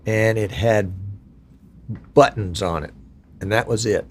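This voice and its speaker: Man, 60s, from Virginia, lowish voice, folksy chatty host of a casual live stream. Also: slow pace, a little hiss or hum. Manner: folksy, chatty, self-deprecating.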